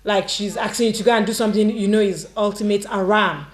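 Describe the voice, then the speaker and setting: A woman's voice: medium pitch, steady tone, fast. A woman on a faith-based discussion panel giving earnest advice, often repeating herself. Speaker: panel guest. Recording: echoey room.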